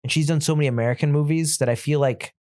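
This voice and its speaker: A man's voice: a little high, fairly even intonation, rapid-fire, darkish tone, no echo, clean studio sound. A man co-hosting a podcast, chatting casually about a film in a rambling, easygoing way with self-deprecating humor. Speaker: podcast co-host. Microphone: studio mic.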